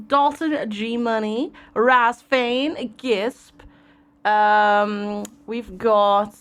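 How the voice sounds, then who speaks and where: Woman game streamer from Germany, slightly high voice, casual and friendly with chat, desk mic. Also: fairly bright tone. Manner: chatty, greets viewers by name, laughs easily. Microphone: desk microphone.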